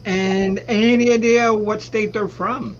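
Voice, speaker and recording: A woman's voice: medium pitch, fairly even intonation, slow pace, lo-fi sound, slight background noise. A woman co-hosting a casual livestream chat, chatty and laughing easily, with hesitant fillers.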